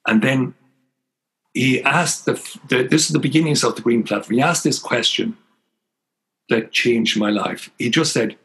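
A man's voice: medium pitch, a little slow, fairly bright tone, slightly rough, low-quality recording. An older man with an Irish accent, a priest telling his life story as an interview guest, earnest and emphatic. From Ireland.

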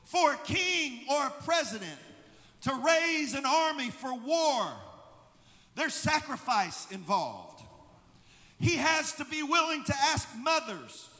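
High bright-voiced male pastor preaching, church hall reverb. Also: sing-song, slow. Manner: preaching, building to shouted emphasis. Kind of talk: sermon. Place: church sanctuary.

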